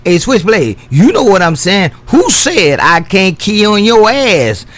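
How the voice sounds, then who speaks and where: A man in casual CB radio banter, drawling and repeating his sign-off catchphrase, his words trailing off low. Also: very animated, unhurried, a bit bright. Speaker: CB radio operator.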